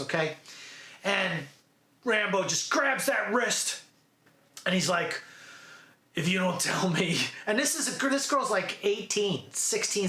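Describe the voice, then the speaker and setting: A man giving a casual, animated movie recap, chatty and full of "dude" and "okay". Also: high voice, echoey room. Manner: animated storytelling, acts out quotes. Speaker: movie reviewer.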